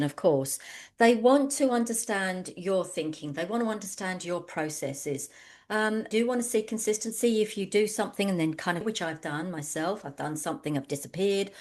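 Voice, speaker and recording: A woman speaks in an ordinary mid-range voice, presenting an online business session. She talks conversationally, drifting into personal anecdotes and padding her thoughts with ums. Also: medium pitch. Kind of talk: webinar presentation.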